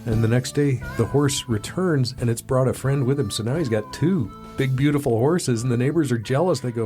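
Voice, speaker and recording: A man from Texas hosts a podcast in a small studio, chatting casually with a guest. He rambles, restarts his sentences and pokes fun at himself. A faint music bed sits low beneath his voice. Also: brisk, few pauses. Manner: rambling storyteller, animated voices in quotes, self-deprecating. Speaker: podcast host. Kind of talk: casual interview.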